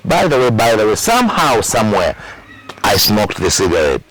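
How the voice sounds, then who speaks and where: A musician with a Ugandan accent candidly recounts his past in an interview, his low voice swooping wildly in pitch at a moderate pace. The tone is a bit bright and slightly rough, and the audio is poor. He repeats words for emphasis and acts out old conversations.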